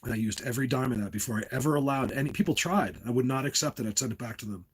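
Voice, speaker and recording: A man's voice: medium pitch, racing, slightly rough, poor audio. A middle-aged man from New Jersey chatting casually with his livestream viewers, rambling from tangent to tangent and laughing often. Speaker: livestream host. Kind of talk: casual live-stream chat with viewers.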